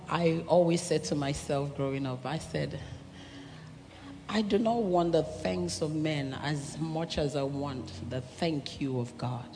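A woman's voice: sits low, warm tone, slight background noise. A woman giving a heartfelt, testifying acceptance speech as a music minister. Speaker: music minister receiving an award. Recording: echoey hall with music behind.

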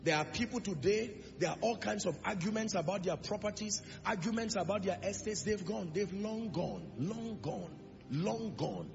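A man's voice: high voice, normal speed, creaky. A male preacher giving an emphatic sermon in a church, pressing the congregation with rhetorical questions. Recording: reverberant lo-fi hall recording with music.

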